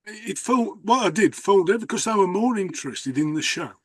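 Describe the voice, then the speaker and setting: A man who is a host and magician leads a casual conversation, telling rambling stories with many restarts. His high-pitched voice is expressive and brisk, with no echo.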